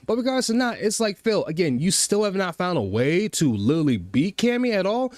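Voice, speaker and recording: A man's voice: sits high, sing-song, brisk, a little mellow, no echo, clean studio sound. A man hosting a casual reaction commentary, talking to chat and scolding a streamer with exasperated repetition.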